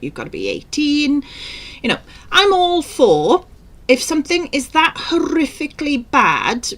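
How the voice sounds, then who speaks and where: A woman's voice: fairly high pitch, fairly bright tone. A woman co-hosting a chat podcast, delivering a heated, exasperated opinion rant and breaking into disbelieving laughter. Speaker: podcast co-host. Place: studio for a live-streamed podcast.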